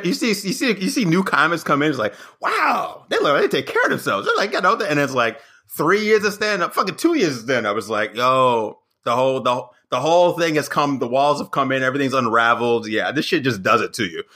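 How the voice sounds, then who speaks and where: A man's voice: mid-range voice, fairly quick, hardly any pauses. A man in his thirties, a stand-up comic guest on a podcast, telling stories in casual chat with many fillers and restarts. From American South. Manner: animated storytelling, frequent fillers and restarts.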